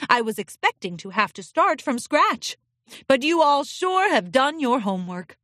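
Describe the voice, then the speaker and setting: A woman voicing a gentle regal pony princess. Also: high-pitched, very animated, normal speed, no room sound, studio quality, voice pushed up, full character voice. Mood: encouraging. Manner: warm, encouraging, teacherly. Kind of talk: storybook reading.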